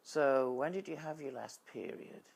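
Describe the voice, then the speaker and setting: A man voicing a furious middle-aged female doctor, shrill, scolding and dismissive. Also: normal speed, vocal fry, a little mellow, breathy edge. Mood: brusque.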